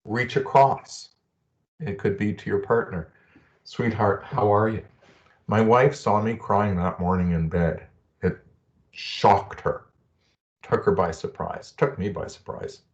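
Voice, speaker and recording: Man, middle-aged, low voice, slow, earnest storytelling, muffled video-call sound. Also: fairly even intonation. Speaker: presenter. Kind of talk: webinar talk.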